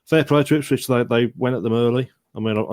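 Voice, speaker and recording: A man's voice: medium pitch, darkish tone, no room sound. A man co-hosting a casual sports podcast, talking with many fillers and "to be fair" asides. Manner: quick, full of fillers, says "to be fair". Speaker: podcast co-host. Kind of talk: casual chat.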